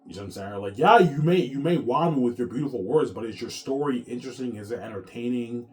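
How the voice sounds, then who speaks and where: This author vlogger, a man in his thirties, talks fast in a medium-pitched, slightly mellow voice. His casual rant to viewers is rambling and profane, full of repeated words, frequent restarts, and "man" added to the ends of sentences.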